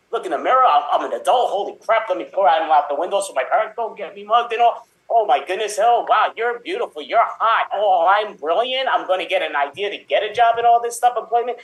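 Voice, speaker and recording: A man performing an improvised comedy scene, excitable and full of exclamations. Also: high voice, fast, few pauses. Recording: roomy echo.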